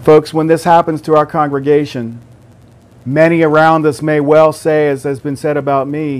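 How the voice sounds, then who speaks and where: Brief: male pastor in his late fifties, emphatic sermon delivery with quiet prayerful passages, slightly high voice. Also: flat delivery, moderate pace. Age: 56 or older. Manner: earnest, emphatic preaching with soft hushed prayers.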